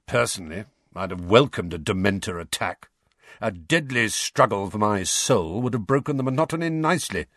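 A man voicing a sarcastic, bitter middle-aged godfather in a low, drawling voice. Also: expressive, normal speed, a bit bright, dry recording, clean studio sound. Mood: sardonic.

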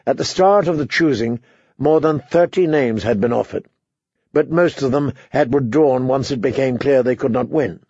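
A man narrating an audiobook in a steady storytelling manner. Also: mid-range voice, moderate pace, breathy edge, no echo. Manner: steady storytelling, voices characters. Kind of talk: scripted narration. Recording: dry, slightly dull recording.

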